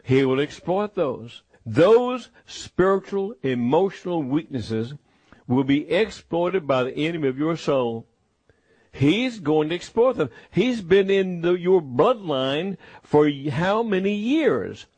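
A man preaching a sermon in a slow, emphatic, repetitive way. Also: on the high side, lively intonation, darkish tone, husky, dry recording.

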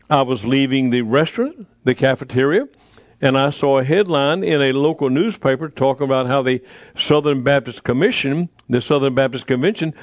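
An older man preaches in a slightly high voice, telling his story earnestly with pauses and repeated phrases. The sound is close and dry. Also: no room sound. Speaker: pastor. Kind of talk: sermon.

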